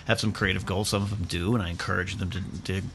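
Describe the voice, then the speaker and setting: A man's voice: deep voice, flat delivery, quick pace, fairly bright tone, slight background noise. A man co-hosting a podcast in casual chat, laid-back and reflective. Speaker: podcast co-host.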